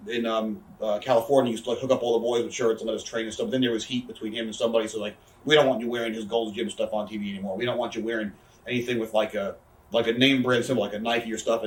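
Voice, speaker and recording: A man's voice: mid-range voice, recorded from a distance. A man, telling rambling, profane backstage stories in a casual interview. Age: 30s. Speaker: interview guest, wrestler. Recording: echoey room, off-mic.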